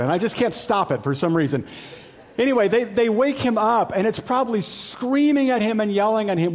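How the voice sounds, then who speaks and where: A man preaching a sermon as pastor, talking to the congregation in a conversational way and swinging between loud, excited storytelling and low, hushed emphasis. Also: fairly quick, in a large hall, slight background noise. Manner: conversational, with fillers and asides to the congregation.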